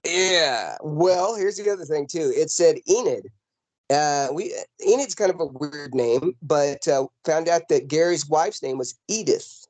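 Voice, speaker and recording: A man's voice: a little high, a little slow, no echo. Rambling man telling a ghost story. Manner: rambling, animated, lots of fillers and restarts. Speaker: paranormal investigator guest. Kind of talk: casual storytelling in an interview. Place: home in the mountains. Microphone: video call.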